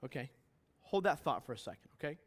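A man preaching a sermon to a congregation, earnest and questioning, rising now and then to loud emphatic bursts. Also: a little high, big pitch swings, fast talker. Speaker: pastor. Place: church hall with congregation.

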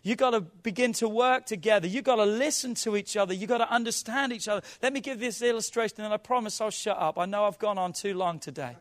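A man preaching a sermon with animated delivery who acts out quoted arguments and sometimes rises to shouting. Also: high voice, quick pace, few pauses. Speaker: pastor.

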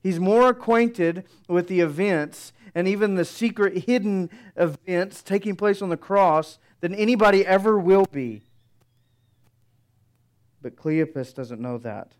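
A man preaching an expository sermon in a measured, reflective way, with frequent rhetorical questions. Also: sits high.

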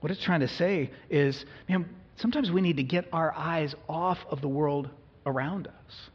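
A male pastor with a husky voice that sits a little high preaches at normal speed, casually engaging the congregation with questions. The audio sounds dull and lo-fi, ringing in a reverberant hall.

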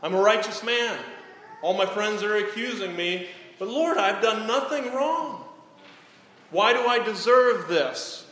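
A preacher gives voice to a wronged, anguished man demanding answers from God. The pleas ride high and strained, each protest pushed upward. It rings out in a big echoing hall with a faint hum of room noise behind. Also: a little slow, fairly bright tone. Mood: pleading. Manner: pleading, rising in protest. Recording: echoey hall, faint ambience.

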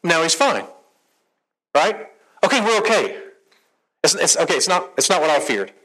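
Speaking to a live crowd about marriage, this middle-aged therapist and conference regular keeps things animated and conversational, putting questions to the audience. He talks at a normal speed in a slightly high voice, and the audio quality is poor.

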